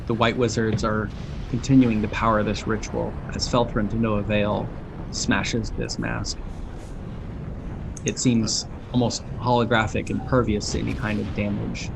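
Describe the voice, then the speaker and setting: A man running a tabletop game as game master, narrating calmly and making quick rules calls. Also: on the low side, creaky, noisy background. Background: background music.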